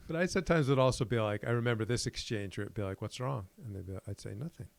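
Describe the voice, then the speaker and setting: A man's voice: fairly low pitch, animated, racing, creaky, no echo. A man co-hosting a podcast, rambling casually and acting out quoted exchanges. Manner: rambling, laughs often, acts out quotes. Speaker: podcast co-host.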